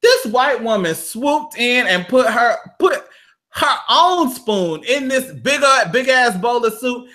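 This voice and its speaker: A man with a high, bright voice tells a profane story on a live talk show. His pitch swings widely as he acts out each quote, loud and animated throughout. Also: slow pace. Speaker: radio show co-host.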